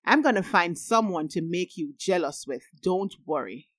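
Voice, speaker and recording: A woman's voice: lowish voice, animated, normal speed, no echo, studio quality. A woman reading as a sarcastic, teasing best friend. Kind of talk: audiobook reading.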